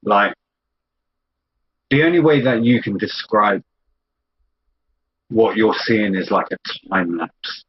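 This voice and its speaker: A man narrating a tabletop role-play game as game master, telling the scene slowly and descriptively. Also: lowish voice, animated, breathy edge. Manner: slow, descriptive storytelling. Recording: dull lo-fi audio with faint background noise.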